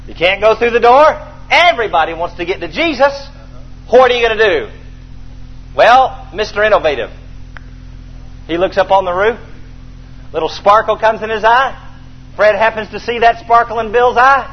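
Animated preacher man telling a story. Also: sits high, moderate pace, breathy edge, highs cut off. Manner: animated storytelling, acting out scenes, calls for response. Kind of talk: sermon.

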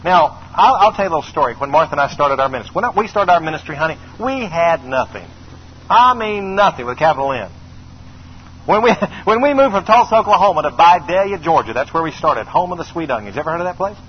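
A man's voice: on the high side, big pitch swings, fast. A middle-aged man preaching a sermon emphatically, repeating phrases and calling on the congregation to answer. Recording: slightly dull recording with faint noise.

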